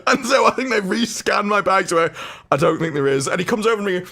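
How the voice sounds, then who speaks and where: A man telling an exasperated, ranting story in casual chat and mimicking officials in a lowered voice. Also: expressive, fast, pushed and bright. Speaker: panelist on a film talk show.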